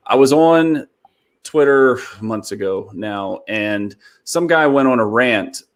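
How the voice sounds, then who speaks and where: A man hosting a casual online talk show, telling stories in a lively, animated way. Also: medium pitch, takes it slowly. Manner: animated storyteller, voice jumps up when excited. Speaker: podcast host. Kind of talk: casual chat.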